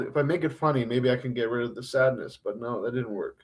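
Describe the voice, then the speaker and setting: A man with a mid-range voice confesses on a livestream, emotional and hard on himself. His talk rambles, breaks off and restarts, and is peppered with profanity.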